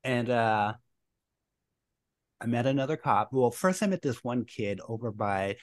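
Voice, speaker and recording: A middle-aged man, a guest, recounting his life story in a casual, animated way and laughing at his own memories. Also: mid-range voice, unhurried, no echo.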